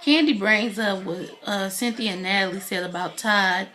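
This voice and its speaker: A woman's voice: mid-range voice, normal speed, bright, forceful tone. A woman giving a casual spoken recap of a reality TV episode, retelling scenes in a chatty way with many fillers. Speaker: TV reality show reviewer.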